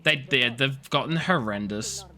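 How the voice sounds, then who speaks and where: Bright-voiced man, playful streamer. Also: mid-range voice, measured pace. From Australia. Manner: playful, teasing, rambling with many restarts. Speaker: game streamer. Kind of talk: casual live-stream chat.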